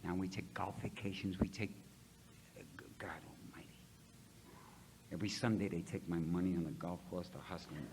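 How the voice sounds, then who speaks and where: With background noise behind him, this middle-aged Ohio man talks quickly in a low, steady voice, barely pausing. Addressing a recovery convention audience, he shares his recovery story bluntly and folksily, acting out the dialogue on his own.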